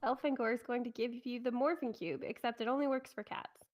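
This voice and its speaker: A woman's voice: on the high side, fairly even intonation, fairly quick. A woman co-hosting a podcast, reading a story aloud in a casual way and breaking off to giggle and joke.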